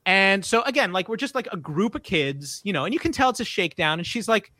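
A middle-aged man telling a story in casual podcast chat, animated and full of restarts. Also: sits high, quick pace, no echo. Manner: animated, breathless, lots of restarts and self-quotes. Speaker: guest storyteller.

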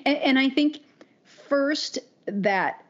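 A middle-aged woman co-hosts a casual podcast, chatty and laughing often, putting on mock voices. Her high-pitched voice is expressive and slow, and the audio is dull and lo-fi.

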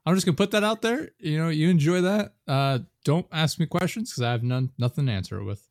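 A man's voice: a little high, animated, quick pace, dry recording, clean studio sound. A man chatting as a podcast guest, rambling with plenty of fillers and hedges. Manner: rambling, lots of "like" and hedging. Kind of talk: casual chat.

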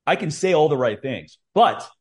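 A man's voice: on the high side, expressive, normal speed, husky. A man hosting a podcast, talking candidly and rambling, with frequent swearing and restarts. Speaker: podcast host. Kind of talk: casual podcast chat.

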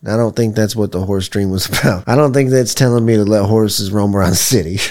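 A young man in casual podcast chat, telling stories in a loose, profane way while high. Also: a little fast. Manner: profane, animated storytelling. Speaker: podcast co-host.

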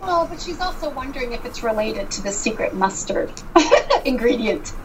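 A woman's voice: on the high side, big pitch swings, moderate pace, recorded from a distance, background noise. A woman playing a tabletop role-playing game, chatting with giggles and some stumbling restarts. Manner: giggly, stumbles over words. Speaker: player. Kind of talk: casual role-play chat.

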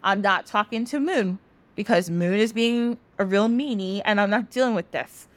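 A woman's voice: medium pitch, normal speed, lightly acted. A woman voicing a cheerful, easygoing male sun who talks in a chatty, upbeat way. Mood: irritated.

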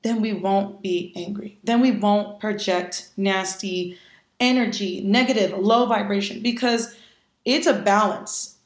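A woman at a middling pitch, talking candidly and with emphasis in a relaxed podcast chat. She stresses her points and swears bluntly, and the room around her gives the voice a noticeable echo. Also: a little slow. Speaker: podcast guest. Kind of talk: casual podcast conversation.

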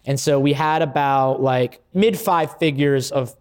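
A man who founded a coffee company, a podcast guest chatting casually, excitable and swearing freely. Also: medium pitch, unhurried.

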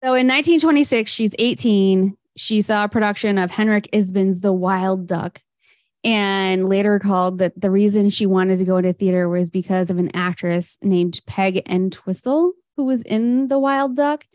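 A woman's voice: mid-range voice, normal speed, a little mellow, no room sound, clean studio sound. A woman co-hosting a podcast, recounting a life story in a casual, chatty way with fillers. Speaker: podcast co-host. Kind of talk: casual history chat.

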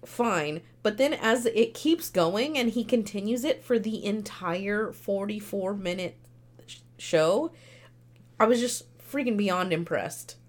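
A woman's voice: mid-range voice, animated, takes it slowly. A young woman co-hosting a podcast, chatting casually and enthusiastically with some swearing. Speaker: podcast co-host.

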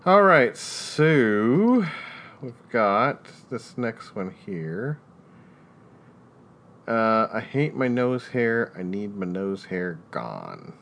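A man's voice: fairly low pitch, very animated, very slow, creaky, fairly bright tone, a little hiss or hum. A man hosting a casual trivia game, who teases and laughs often. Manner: playful, teasing, laughs often. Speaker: quiz host.

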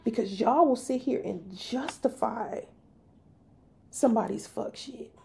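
A woman, hosting a podcast and telling a personal story in an animated, emphatic way. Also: fairly high pitch, measured pace, gravelly, a little hiss or hum. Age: 30s. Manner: animated, emphatic, slips into voicing others. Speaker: podcast host.

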